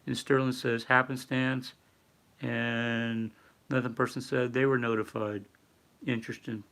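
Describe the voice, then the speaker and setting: A man's voice: mid-range voice, little pitch movement, a little slow, a bit bright. An older man hosting a casual livestream, rambling and reading viewer chat aloud with lots of fillers. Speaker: livestream host. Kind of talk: casual live-stream talk.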